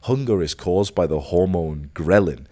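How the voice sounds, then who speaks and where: A man's voice: sits low, lively intonation, a little slow, dark tone. A young man giving a blunt, profane motivational monologue as a self-improvement coach, peppering his talk with "like" and rhetorical questions. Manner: blunt, profane, filler-heavy with frequent "like".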